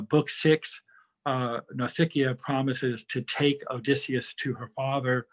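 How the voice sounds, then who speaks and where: A man's voice: medium pitch, fairly bright tone, rough recording. Man lecturing on poetry, digressive. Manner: thoughtful, digressive explanations with filler words. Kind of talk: library lecture with Q&A.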